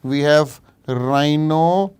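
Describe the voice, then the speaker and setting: Indian guy doing a live online exam revision class, smooth resonant voice, bit high, answers the chat and drops into hindi now and then. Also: slow, darkish tone. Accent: Indian English. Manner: explains cases while reading out viewers' chat answers; mixes in Hindi asides. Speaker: medical exam teacher.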